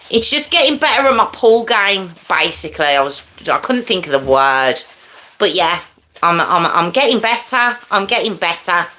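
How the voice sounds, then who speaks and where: A woman's voice: lowish voice, pushed and bright. A woman hosting a live stream, chatting casually with viewers and greeting them by name. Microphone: earpiece in.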